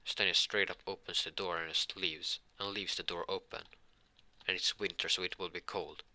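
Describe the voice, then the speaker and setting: A man retelling a fan story in a halting, casual way full of fillers and restarts. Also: deep voice, fairly even intonation, bright, forceful tone, no room sound.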